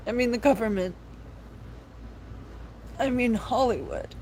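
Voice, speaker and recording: A woman's voice: medium pitch, slow pace, a little hiss or hum, poor audio. A young woman hosting a live stream, talking in an earnest, preachy, pleading way about faith. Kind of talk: impassioned religious vlog talk.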